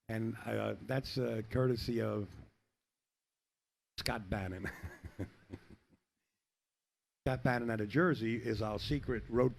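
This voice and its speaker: A man's voice: on the low side, gravelly, slight background noise. A middle-aged man commentating a pool match in a rambling, chatty way, telling jokes between shots. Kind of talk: casual play-by-play with joke telling.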